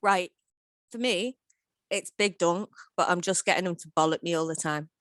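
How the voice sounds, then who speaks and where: A woman's voice: on the low side, normal speed, a bit bright, no room sound. A woman chatting on a casual podcast, giggly and self-deprecating. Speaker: podcast guest.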